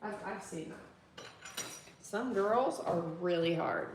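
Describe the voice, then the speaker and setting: In a noisy home kitchen, a mother of three boys in her thirties speaks slowly in a lowish voice. She does chores while chatting and rambling casually to viewers on a phone mic, and she laughs often.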